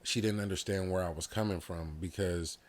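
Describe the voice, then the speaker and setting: A man's voice: low voice, steady tone, a little fast. A man talking candidly as a podcast guest, telling a personal story in an open, heartfelt way with many casual fillers. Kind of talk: casual conversation.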